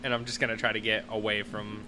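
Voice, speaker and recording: A man's voice: on the low side, flat delivery, quick pace, sharp tone, a little hiss or hum. A man playing in a tabletop game, laid-back and joking. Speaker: player. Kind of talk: casual tabletop play.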